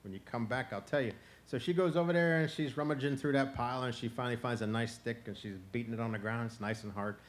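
Relaxed male folk storyteller. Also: medium pitch, fast, few pauses. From Florida. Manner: relaxed, conversational, vivid. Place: outdoor festival stage.

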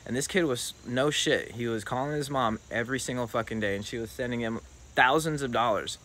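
A young man casually telling a personal story in a loose, profane, animated way. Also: mid-range voice, a little fast, slight background noise.

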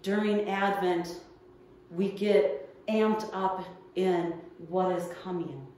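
A woman's voice: fairly low pitch, fairly even intonation, slow, mellow, a little hiss or hum. A woman pastor delivering a midweek sermon, telling a personal story in an earnest, storytelling way. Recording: echoey room heard from far off.

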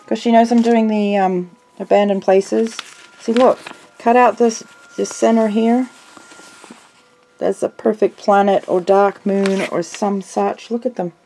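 A woman's voice: medium pitch, mellow. A woman vlogging casually from her home art room, exclaiming delightedly over each craft item she unpacks. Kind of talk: casual chat opening happy mail.

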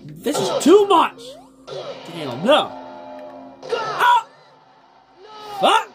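A high, wildly swinging voice commentates a fighting match, shouting and swearing without pause. The delivery is slow and drawn out, with insults flying at the game and the room. Loud game music blasts behind the whole time. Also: huge pitch swings. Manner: yelling, swearing, trash-talking. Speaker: gameplay commentator. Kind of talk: loud profane gameplay commentary.

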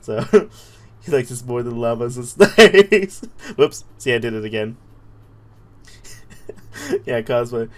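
A game streamer in loose, jokey chat with viewers, giggling between lines. The talk is slow and drawn out. The pitch swings widely and animatedly from phrase to phrase. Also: expressive. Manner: giggly, jokey, thanks followers. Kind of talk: casual live-stream chat.

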